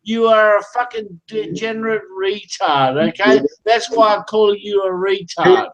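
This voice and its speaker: Slow, taunting ranting man. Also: sits high, lo-fi sound. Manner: repetitive, taunting, drinking. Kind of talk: abusive livestream rant.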